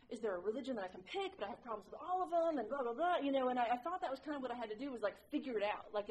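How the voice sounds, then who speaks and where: A woman's voice: fairly high pitch, darkish tone, slight background noise, rough recording. A woman sharing her recovery story with a group, candid and self-mocking, rambling with lots of "like"s. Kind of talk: personal recovery share to a group.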